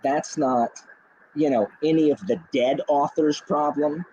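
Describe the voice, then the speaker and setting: A man hosting a casual book chat, talking in animated, ranting bursts with faint background noise. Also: on the high side, measured pace, husky, lo-fi sound. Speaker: booktube host. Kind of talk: casual chat on a group video call.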